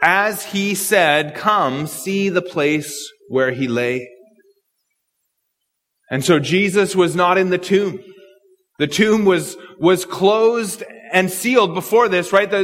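A man's voice: high-pitched, fairly bright tone, big-room sound. A man preaching an expository sermon, earnest and thinking aloud, repeating words as he works through a passage. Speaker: pastor.

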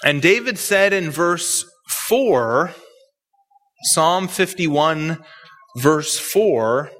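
A man preaching an expository sermon, emphatic and measured, with repetitions. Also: on the high side, lively intonation, a bit bright, big-room sound, a little hiss or hum.

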